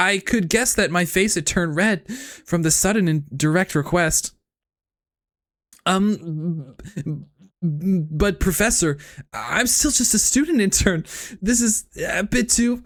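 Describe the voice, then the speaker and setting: A man reading game text aloud in a high, stammering impression of a nervous young male student. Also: a bit bright.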